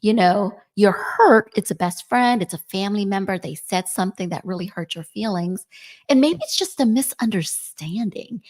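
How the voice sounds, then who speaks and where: A woman's voice: mid-range voice, moderate pace, a little mellow. A woman in her forties co-hosting a podcast in casual chat, often checking in with "right?". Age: 40s. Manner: chatty, often ends points with "right?". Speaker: podcast co-host.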